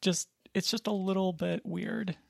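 A podcast co-host chatting casually in a rambling, hedging way, with a dry, deadpan humor. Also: mid-range voice, a little slow, vocal fry. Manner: rambling, hedging, filler-heavy. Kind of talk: casual chat.

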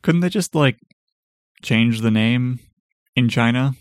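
A man co-hosting a casual chat, joking and sarcastic with quick quips. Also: medium pitch, dry recording, studio quality. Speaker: podcast co-host.

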